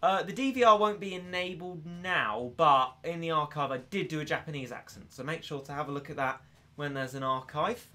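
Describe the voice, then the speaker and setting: Young male streamer, casual and giggly, bright tone. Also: a little high, fairly quick. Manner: chatty, giggly, self-mocking. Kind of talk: casual live-stream chat.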